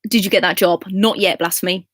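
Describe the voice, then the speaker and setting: A woman's voice: fairly low pitch, steady tone, brisk, a bit bright, no echo. A Scottish woman in her twenties hosting a casual livestream, chatting and laughing as she reads viewer comments aloud. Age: 20s. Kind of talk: casual live chat.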